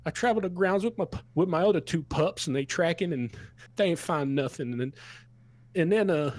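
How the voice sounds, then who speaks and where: A man's voice: fairly high pitch, a little fast, darkish tone, lightly acted. A man putting on a drunk old farmer. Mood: rambling. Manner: folksy, rambling, drawling. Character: drunk old male sheep farmer, rustic and mournful.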